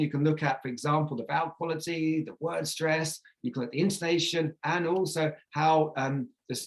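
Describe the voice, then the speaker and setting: A man's voice: on the high side, low-quality recording. A man giving a conference presentation on teaching pronunciation, explaining step by step with frequent fillers and restarts. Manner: models pronunciation examples aloud.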